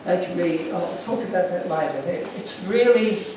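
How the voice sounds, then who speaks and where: A man's voice: high voice, moderate pace, very echoey, far from the mic, noisy background. A man giving an earnest, emotional talk to an audience, telling stories from his slides. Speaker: guest speaker.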